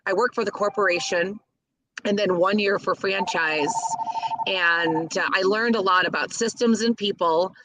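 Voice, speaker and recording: A woman's voice: mid-range voice, normal speed, heavy background noise. A middle-aged woman from the Chicago area, a caterer, telling stories in an interview with gushing enthusiasm. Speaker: guest, caterer. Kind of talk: interview storytelling.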